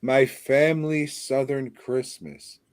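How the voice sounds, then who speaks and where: A man's voice: medium pitch, steady tone, takes it slowly, smooth, no echo. A man co-hosting a podcast, rambling and crude in casual chat about a movie. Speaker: podcast co-host.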